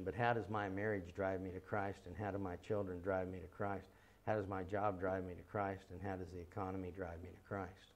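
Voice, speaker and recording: Low-voiced man teaching an earnest seminar. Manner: earnest, emphatic, repeats key phrases; rhetorical questions in quick runs.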